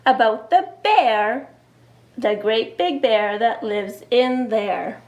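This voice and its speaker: A woman's voice: a little high, slow, darkish tone, muffled recording. Timid, frightened little boy from a picture book, read by a woman, slightly raised voice. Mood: scared.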